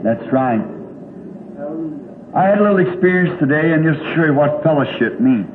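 An older man with a fairly high voice preaches a sermon at normal speed, his intonation lively as he tells folksy, rambling stories and chuckles often. He's in a large church hall. The old recording is tinny and echoey, with faint hiss.

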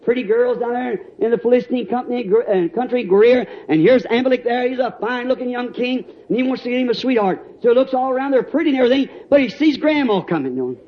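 A man preaching a sermon in a folksy storytelling way, laughing and rising to shouts. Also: very high-pitched, lively intonation, quick pace, hardly any pauses. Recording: dull, roomy old church recording.

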